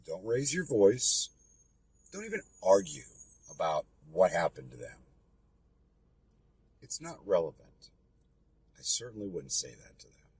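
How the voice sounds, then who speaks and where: A man's voice: low-pitched, darkish tone, slight background noise. A man teaching a real estate investing lesson, direct and emphatic, repeating his key points. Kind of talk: coaching lesson.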